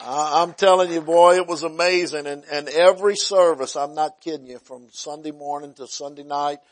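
A man's voice: fairly high pitch, steady tone, normal speed. Folksy preacher man. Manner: folksy, swings from loud preaching to hushed quiet. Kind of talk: sermon testimony storytelling.

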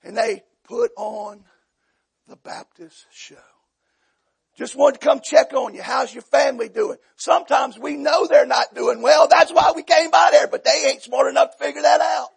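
A man preaching a sermon, telling folksy humorous stories and acting out voices, rising to loud shouts. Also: very high-pitched, steady tone, a little fast, hardly any pauses. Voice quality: gravelly, husky. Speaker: pastor.

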